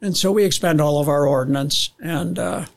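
This older man talks in a slightly high voice, narrating his memories with lots of restarts. He slips into the voices of people on the radio as he tells them. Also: normal speed, creaky. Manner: animated storyteller, acts out radio calls, frequent restarts. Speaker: guest, veteran pilot. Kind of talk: casual storytelling interview.

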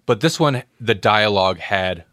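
A man's voice: fairly low pitch, lively intonation, moderate pace, a bit bright, dry recording, studio quality. A man co-hosting a podcast, chatting casually about movies and acting out scenes with quoted voices. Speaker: podcast co-host.

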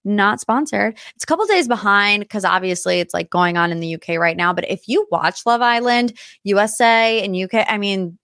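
A young woman talks through celebrity gossip in a chatty, animated way as host of a casual show. Her voice sits at a middle pitch. The recording is dry and close, with no room sound. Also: normal speed, hardly any pauses, no echo. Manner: chatty and animated, with dramatic asides. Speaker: podcast host. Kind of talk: casual pop-culture gossip chat.

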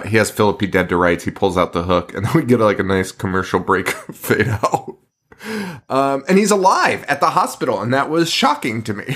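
A man's voice: fairly low pitch, a bit bright. A man co-hosting a horror film podcast, telling the story in a loose, profane, laughing way. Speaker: podcast co-host. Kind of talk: casual film podcast chat.

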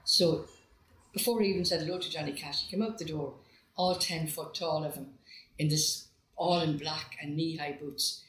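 An older Irish woman, a singer, telling stories from her life in a relaxed interview. She acts out the voices of the people she quotes and often breaks into laughter. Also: sits low, normal speed, slight background noise. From Ireland. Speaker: guest singer. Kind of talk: conversational storytelling. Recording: roomy echo with faint ambience.

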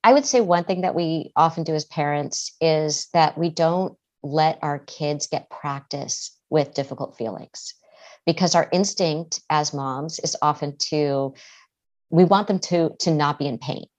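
A woman therapist guest on a podcast, giving measured, reflective advice and sometimes restarting her words. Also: low voice, a little mellow. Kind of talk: advice-giving interview answers.

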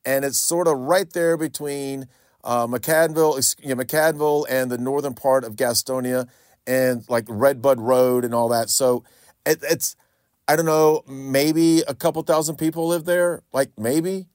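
A man's voice: medium pitch, steady tone, unhurried, a little mellow, no room sound. Male radio host, middle-aged, from North Carolina; casual opinionated commentary, dry close studio mic. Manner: conversational, repeats himself, opinionated. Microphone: studio microphone.

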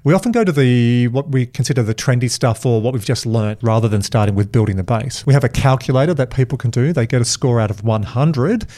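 A man hosting a podcast, talking in an energetic, emphatic way and telling animated stories. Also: mid-range voice, quick pace, hardly any pauses. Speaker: podcast host. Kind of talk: casual podcast chat.

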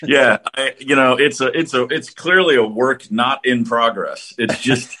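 A man's voice: mid-range voice, unhurried, pushed and bright. A man co-hosting a podcast, talking casually about college basketball and betting, rambling with many restarts. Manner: rambling, with repeated restarts and laughs. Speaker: podcast co-host. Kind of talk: casual sports chat.

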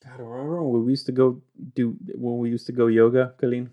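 A man's voice: medium pitch, level tone, a little fast, muffled recording. A man in casual conversation, blunt and chatty, casually swearing and often restarting sentences. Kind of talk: casual chat.

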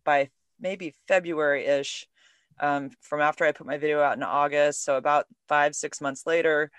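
A woman hosting a podcast, telling stories in an animated, emotional way. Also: deep voice, normal speed, smooth, no room sound. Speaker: podcast host. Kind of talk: casual podcast conversation.

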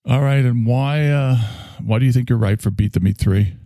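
A brisk, matter-of-fact casting director, played by a man in a comedy bit, his voice pushed up higher than usual. A gravelly edge stays underneath. The sound is dry and close. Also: dark tone, no room sound, natural voice.

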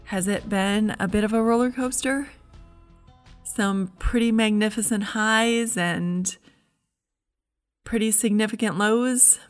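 A middle-aged woman giving a heartfelt, earnest devotional message as a Christian speaker. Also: mid-range voice.

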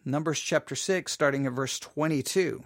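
A man hosting a Bible podcast, chatting casually and restarting his sentences, then reading scripture slowly and solemnly. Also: on the high side, dry recording, clean studio sound. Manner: chatty and self-interrupting, reads scripture in a slow solemn cadence. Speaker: podcast host and Bible teacher. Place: small home studio.

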